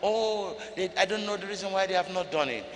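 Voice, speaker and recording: An older male pastor from Ghana preaching a sermon in a church hall. He repeats phrases for emphasis and swings between loud rises and low drops. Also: a little fast. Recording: church hall reverb, light noise.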